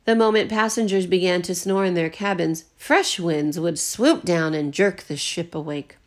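A teacher reading a children's novel aloud at home, lightly voicing the characters. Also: female voice, lowish voice, moderate pace. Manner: expressive, lightly voices the characters. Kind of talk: storybook read-aloud.

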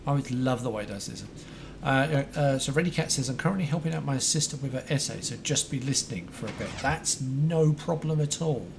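An excitable, chatty man livestreaming a game, greeting viewers by name. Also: medium pitch, fairly quick, gravelly, noisy background. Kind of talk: casual live-stream chat. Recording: faint music behind.

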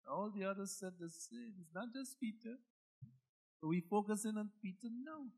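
A male pastor preaching a sermon with emphatic delivery, moving from hushed asides to loud, shouted climaxes. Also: high-pitched, normal speed.

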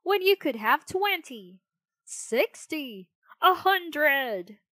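A woman voicing a sly, smooth-talking fox swindler in a coaxing, drawn-out manner. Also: high voice, very animated, sharp tone, no room sound, voice pushed up, exaggerated voice.

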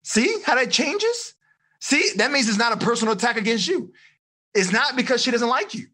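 A man coaching teenagers on a video call, energetic and encouraging, quizzing his listeners as he teaches. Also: very high voice, moderate pace. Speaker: life coach. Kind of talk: live online seminar for teens.

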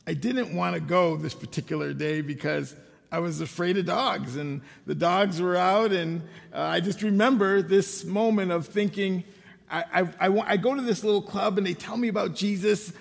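An older man delivers a sermon in a high, gravelly voice, spinning personal stories with a dry, self-deprecating wit. His words ring out with a long reverb in a church sanctuary. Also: moderate pace. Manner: conversational storytelling with self-deprecating humor. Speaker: pastor.

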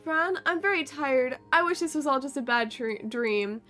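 Woman doing a gentle tired male cat, soft and quiet, high bright voice. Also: expressive, moderate pace, soft background music. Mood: tender.

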